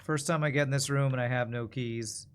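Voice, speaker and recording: A man's voice: mid-range voice, fairly even intonation, a little fast, clean tone. A man streaming a puzzle game, muttering and thinking aloud to himself and his chat. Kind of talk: casual gameplay commentary.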